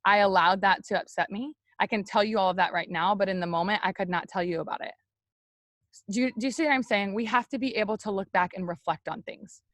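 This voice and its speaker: A young woman leading a team, giving a loud, energetic, chatty motivational talk straight to her viewers on a live stream. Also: mid-range voice, fast talker, dry recording. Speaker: network marketing team leader on a live stream.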